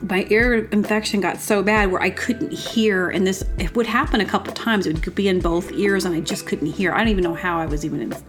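Woman rambling thru funny stories, mid-pitch voice, music going under her. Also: a little fast, few pauses. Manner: rambling, animated, acts out quotes in exaggerated voices. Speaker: podcast host. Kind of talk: casual comedic storytelling. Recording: music playing behind.

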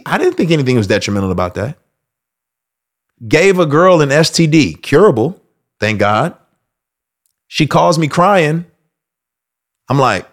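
Male host, casual monologue, animated, swings his pitch widely, breaks into loud acted-out quotes. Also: unhurried, pauses often. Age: adult. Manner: animated, acts out quoted voices with loud outbursts.

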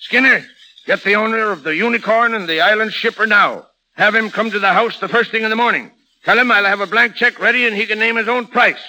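A loud cranky old shipping boss, old-time radio play, high bright bark. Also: male voice, fairly quick, heavily acted, poor audio. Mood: scheming. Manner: bellowing, swears colorful sea oaths. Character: blustering sixty-year-old male shipping boss. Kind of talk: 1940s radio acting.

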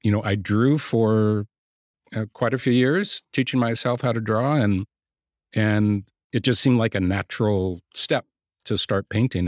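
A man's voice: fairly low pitch, dry recording, clean studio sound. A man answering interview questions in a reflective way, often restarting sentences. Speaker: guest painter.

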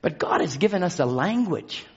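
A man preaching a fervent sermon in a church, shouting and calling out to the congregation. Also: fairly high pitch, very animated, normal speed, husky, dull audio. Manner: shouting, call-and-response exhortation. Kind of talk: fervent Pentecostal-style sermon. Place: church sanctuary.

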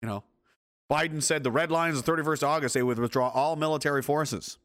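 A man's voice: on the high side, fast, a bit bright. A man reacting to news reports and photos in a sarcastic, angry, heavily profane rant. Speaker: commentator.

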